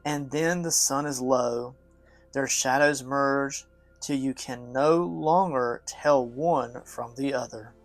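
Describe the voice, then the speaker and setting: Slow, gravelly man reading aloud. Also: medium pitch, faint music behind. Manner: gentle, measured storytelling, chatty asides to viewers. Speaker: art studio host and father. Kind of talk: reading a picture book aloud, then talking while painting.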